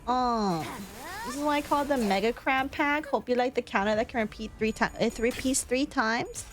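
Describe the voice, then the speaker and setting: A woman's voice: a little high, normal speed. A woman streamer chatting casually over gameplay. She swears freely, laughs often and reads chat aloud.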